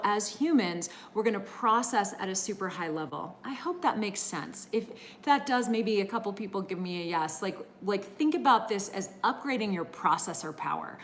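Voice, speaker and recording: A middle-aged woman teaching a live-streamed energy healing class, chatting warmly and greeting viewers by name, with many fillers. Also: mid-range voice, slight background noise.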